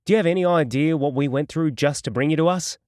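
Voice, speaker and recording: A man's voice: a little high, fast, smooth, no room sound, studio quality, voice pushed up, natural voice. A man voicing a sadistic male gangster interrogator who taunts and threatens in a mocking, menacing way, from an audiobook. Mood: cold menace. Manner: mocking, menacing, swings to shouting.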